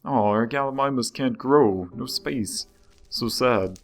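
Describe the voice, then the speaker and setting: A man's voice: mid-range voice, slow pace, faint music behind. A young man casually commenting while playing a game, chatty and rambling, often breaking off mid-sentence. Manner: chatty, rambling, self-interrupting. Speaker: gaming video host.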